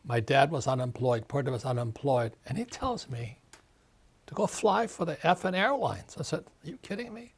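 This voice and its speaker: A husky-voiced author in his seventies rants emphatically during an animated interview, repeating words and mimicking others. His voice is medium-pitched, with lively intonation, at normal speed.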